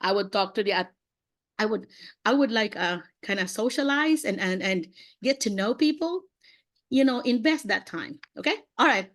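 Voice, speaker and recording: A woman's voice: medium pitch, lively intonation, moderate pace, a bit bright. Chatty fifty-something woman coach on a call. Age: 50s. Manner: chatty, laughing, lots of fillers and acted-out dialogue. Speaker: education coach running mock interviews. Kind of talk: casual motivational talk on a video call. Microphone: video call.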